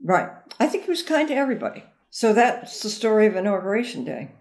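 A woman's voice: medium pitch, expressive, fast talker, a little mellow. Older woman recalling old stories. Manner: rambling, anecdotal storytelling. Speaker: interview guest. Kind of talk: reminiscing conversation.

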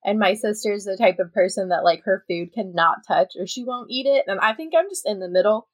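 A woman's voice: medium pitch, a little fast, no room sound. A young adult woman hosting a podcast in casual chat, talking freely and laughing often as she acts out her own reactions. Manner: chatty, laughs often, quotes herself in asides. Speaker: podcast host.

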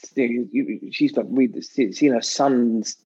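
A British man chatting as a podcast guest, telling stories in a lively way and acting out quotes with sudden pitch jumps. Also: unhurried, breathy edge, muffled recording. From Britain. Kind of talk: casual anecdotal chat.

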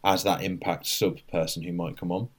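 A man's voice: low voice, fairly even intonation, normal speed. A man co-hosting a casual football podcast, rambling through asides with frequent restarts. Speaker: podcast co-host.

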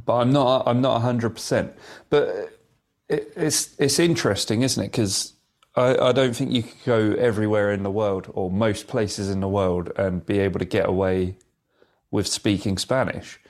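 A man co-hosting a podcast, chatting casually and telling anecdotes with relaxed slang. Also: on the low side, moderate pace. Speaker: podcast co-host. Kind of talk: casual chat.

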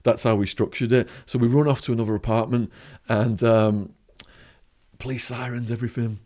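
English guy on a podcast, spinning a wild story, does little voices for the people in it, mid pitch. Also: fairly even intonation, normal speed, dark tone. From England. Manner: vivid storyteller, acts out quoted voices. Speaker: podcast guest. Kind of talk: storytelling interview.

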